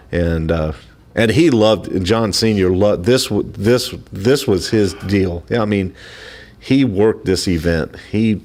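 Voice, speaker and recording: A man as a guest on a radio talk show, talking casually and haltingly, often repeating words as he goes. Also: sits low, a little mellow. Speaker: studio guest promoting a local event.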